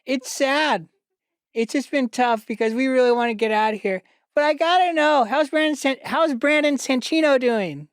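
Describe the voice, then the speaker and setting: A woman playing an earnest, naive freshman boy stranded at the bottom of a well in an improvised comedy sketch, talking in halting, pleading bursts. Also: high-pitched, no echo, studio quality, lightly acted.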